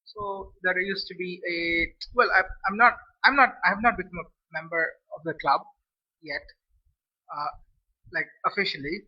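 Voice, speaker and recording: A man's voice: high voice, moderate pace, breathy edge. A man from India, chatting casually to camera as a food vlogger, rambling and restarting his phrases. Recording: dull lo-fi recording.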